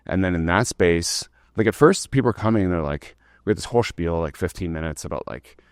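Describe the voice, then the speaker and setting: A man's voice: deep voice, lively intonation, fairly quick, clear, resonant tone, no room sound, clean studio sound. A man, telling his startup story as a podcast guest in a rambling, casual way, full of "like" and the odd swear word.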